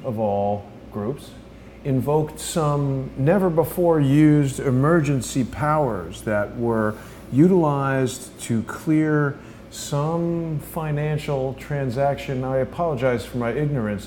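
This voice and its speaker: A man's voice: mid-range voice, darkish tone, a little hiss or hum. A man hosting a casual interview, asking leading questions in an easygoing, self-deprecating way. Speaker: show host.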